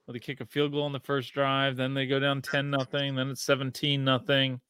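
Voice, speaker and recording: A man in his thirties hosting a casual sports podcast, telling stories excitedly and swearing freely. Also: mid-range voice, a little fast, clear, resonant tone, no room sound. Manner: excitable, profane storytelling. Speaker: podcast host.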